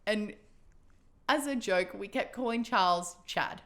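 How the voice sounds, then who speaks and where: A woman co-hosting a casual tabletop gaming podcast, laughing often and telling stories with lively acted-out quotes. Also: medium pitch, measured pace. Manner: giggly, tells stories animatedly. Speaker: podcast co-host. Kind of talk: casual chat.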